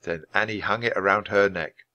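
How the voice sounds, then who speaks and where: A man reading a children's chapter book aloud at a clear, measured pace for English learners. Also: fairly low pitch, pushed and bright. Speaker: storybook reader.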